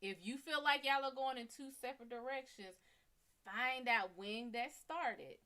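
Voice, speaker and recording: A woman psychic reader giving blunt, animated relationship advice on a live stream, acting out dialogue as she talks. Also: fairly high pitch, a little slow.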